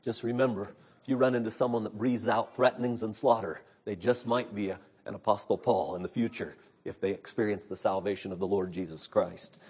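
A middle-aged male pastor preaching an earnest sermon, moving between loud emphatic passages and hushed, low storytelling. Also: slightly rough. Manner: earnest, preacherly retelling of scripture.

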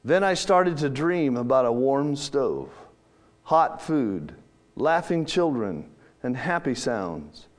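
A man telling a first-person story in a church setting, reading slowly and dramatically with drawn-out pauses. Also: medium pitch, very animated.

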